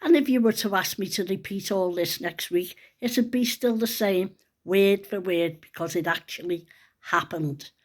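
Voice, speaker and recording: A woman's voice: medium pitch, unhurried. Woman, middle-aged, casual vlog chat, rambling earnest storyteller. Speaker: vlogger.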